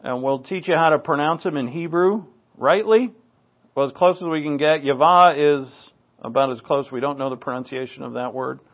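A man's voice: a little high, brisk. Wry man preaching over a tinny line. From New England. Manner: conversational and wry, with asides and dry jokes. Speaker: pastor. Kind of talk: Bible teaching sermon. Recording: tinny phone-like recording.

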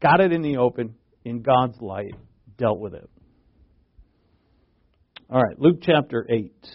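A man preaching a sermon, earnest and halting, restarting phrases and pushing his voice up for emphasis. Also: mid-range voice, lively intonation, slightly rough, phone-quality sound. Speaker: pastor.

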